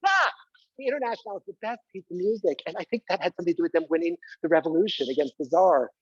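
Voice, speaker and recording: A man's voice: high-pitched, rapid-fire, slightly rough, no echo, lo-fi sound. A man performing a live one-man stage show, talking theatrically and prodding the audience to join in. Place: community center stage.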